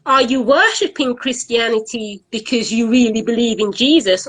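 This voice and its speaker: A woman's voice: a little high, normal speed, poor audio. A woman, earnestly explaining her views in a casual online live chat and often repeating words as she searches for them. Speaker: event organiser, guest. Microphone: online live stream.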